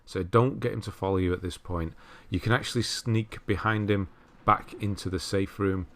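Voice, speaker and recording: Male game walkthrough host, deep voice, casual and self-deprecating. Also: normal speed. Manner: relaxed, chatty, laughs at himself, self-correcting. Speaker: walkthrough commentator. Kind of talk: casual gameplay commentary.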